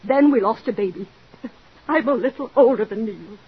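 This is 1940s radio drama acting: a woman voices a jealous, desperate married woman who pleads in an overwrought manner. The old recording sounds dull, and her somewhat high, breathy voice moves at a moderate pace.

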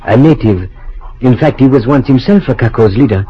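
An actor playing a cynical, suave Paris-educated doctor in an old-time radio drama, speaking in a smooth, dry way. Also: male voice, mid-range voice, animated, normal speed, lightly acted. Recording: dull lo-fi old radio recording with faint hiss.

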